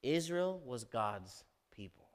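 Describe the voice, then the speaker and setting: A male pastor preaching a sermon, animated, asking the congregation questions and acting out the scripture. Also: mid-range voice, slow pace. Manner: animated, asks the congregation questions, dramatizes quotes.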